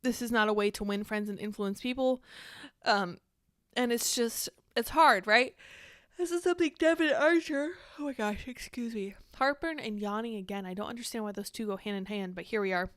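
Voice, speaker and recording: Smooth-voiced sarcastic woman commentator. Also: a little high, fairly bright tone, no room sound, clean studio sound. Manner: candid, sarcastic, quick to react and digress. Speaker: political commentary host. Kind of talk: casual political commentary, reading news aloud.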